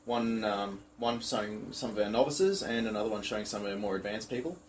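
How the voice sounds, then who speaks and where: Male gym-owner host, fairly low voice, playful and loose. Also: brisk, a little hiss or hum, poor audio. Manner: jokey, swears casually, asks questions. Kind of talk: casual podcast chat.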